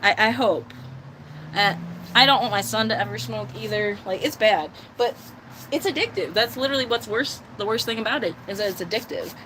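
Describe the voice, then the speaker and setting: A woman's voice: mid-range voice, fairly quick, a bit bright, slight background noise. An American woman chatting casually on a live stream from an outdoor cat enclosure, laughing easily and talking to her viewers. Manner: chatty, laughs often, baby-talks to her cats.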